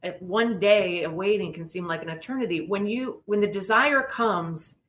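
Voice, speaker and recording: A middle-aged woman telling a personal story in an earnest, animated way as an interview guest. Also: medium pitch, normal speed, slight background noise. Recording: roomy echo.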